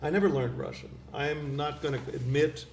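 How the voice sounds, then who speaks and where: A middle-aged man, a poet guest, chatting casually in a wry, rambling way with a gravelly voice. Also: a little high, steady tone, brisk, darkish tone. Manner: wry, rambling storyteller with laughs. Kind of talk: casual chat. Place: community cable studio. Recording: roomy studio with faint hiss.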